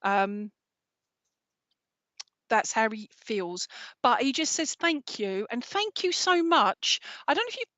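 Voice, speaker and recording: A fairly high-voiced woman speaks as a psychic medium at home, chatty and always checking in with the listener. Her sound is dull and lo-fi, like a home stream, and dry with no room echo. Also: sing-song, slow pace, long pauses, sharp tone. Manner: chatty, checks in with "all right?" after nearly every phrase. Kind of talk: live mediumship reading.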